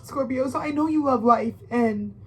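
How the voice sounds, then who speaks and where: A woman's voice: high-pitched, normal speed, a little mellow, husky. A woman in her twenties giving a heartfelt, rambling astrology reading, full of swearing, restarts and personal stories. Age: 20s. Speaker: astrology tarot reader. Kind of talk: emotional monologue reading.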